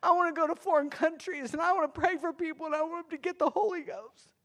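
A woman's voice: extremely high pitch, steady tone, quick pace, voice pushed up. A woman voicing her nine-year-old self, an earnest little girl pleading eagerly in prayer.

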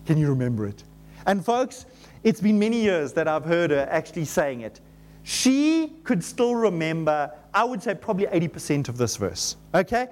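A middle-aged male pastor preaching in a church, joking with the congregation and reading scripture slowly and emphatically. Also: high voice. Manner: animated, joking, with shouted exclamations. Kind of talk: sermon. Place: church auditorium.

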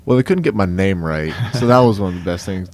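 A man's voice: low voice, expressive, quick pace, darkish tone. A young man with a Cajun accent from South Louisiana, answering interview questions in an easygoing way with many fillers. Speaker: guest. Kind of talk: conversational interview.

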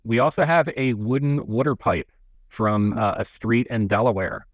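A man's voice: mid-range voice, normal speed, dry recording, muffled recording. A man being interviewed on a radio show about a local museum, telling its stories in a folksy, rambling way with many restarts. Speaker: museum representative. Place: radio studio. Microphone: studio microphone.

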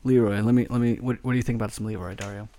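A man's voice: lowish voice, steady tone, rapid-fire, mellow. A man hosting a casual script read, chatty and profane with loose restarts. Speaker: script reading host. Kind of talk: casual chat and script narration.

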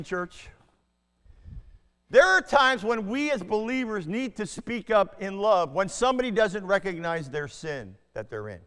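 A man preaching a sermon to a congregation, swinging between loud declarations and hushed asides and asking his listeners questions. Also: extremely high pitch, clear, resonant tone, long reverb tail. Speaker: pastor.

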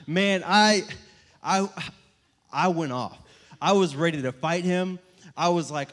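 A young man telling funny stories to a live audience in a church setting, animated and self-mocking as he acts out what people said. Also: on the high side, unhurried. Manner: animated, self-mocking storyteller acting out quotes. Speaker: church speaker. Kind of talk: storytelling talk to a live audience. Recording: long hall reverb.

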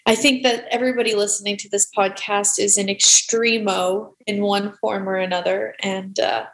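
A woman's voice: medium pitch, fairly even intonation, normal speed. Effusive woman podcast host. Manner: effusive, talks in loose looping phrases. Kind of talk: casual podcast conversation.

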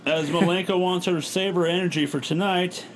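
A man's voice: high-pitched, fairly even intonation, slight background noise. Joking man recapping a show. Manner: recaps quickly, joking, acts out quotes. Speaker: podcast co-host recapping wrestling. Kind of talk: casual chat.

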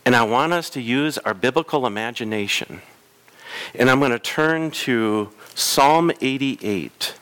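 A man's voice: medium pitch, a little slow, a bit bright, clean tone. A man preaching a reflective, emphatic sermon as pastor in a church. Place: church sanctuary.

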